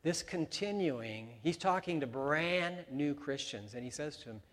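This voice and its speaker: A man's voice: fairly high pitch, animated, measured pace, fairly bright tone. A pastor preaching a sermon, telling stories with animation and acting out the voices of the people he quotes. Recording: preaching in a large reverberant hall.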